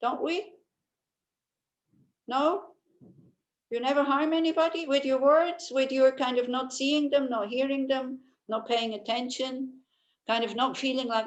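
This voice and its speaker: A woman's voice: high-pitched, fairly even intonation, a little slow, pauses often, poor audio. A woman teaching a Buddhist class, talking in a conversational way and often checking in with tag questions while she answers listeners' questions.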